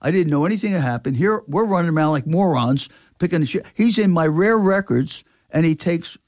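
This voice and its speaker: A man's voice: on the high side, brisk, dry recording, clean studio sound. An older man, a record store owner telling a story in casual chat, acting out the voices of people in it. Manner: animated, acts out quoted dialogue.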